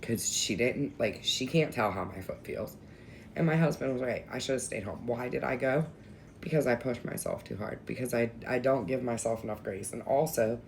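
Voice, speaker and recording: A woman's voice: a bass voice, a little hiss or hum. A young adult woman telling a story in a casual vlog, candid and emotional, venting with some swearing. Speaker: vlogger.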